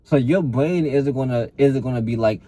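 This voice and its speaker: A man's voice: mid-range voice, normal speed, dark tone, a little hiss or hum. A man, a fitness coach, giving a blunt, profane, repetitive motivational talk to camera and calling the listener bro.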